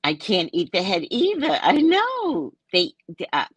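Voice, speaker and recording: A woman's voice: mid-range voice, huge pitch swings, unhurried, breathy edge, dry recording. A woman in her sixties, chatting casually and playfully with viewers on a live stream, laughing as she talks. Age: 60s. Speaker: live stream host and psychic reader. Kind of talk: casual live chat answering comments.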